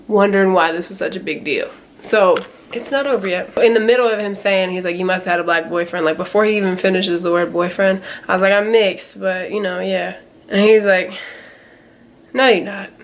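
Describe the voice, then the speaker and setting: A young woman in her twenties telling a story in a casual vlog, chatty and full of quoted back-and-forth, with a slightly nasal tone. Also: medium pitch. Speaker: vlogger.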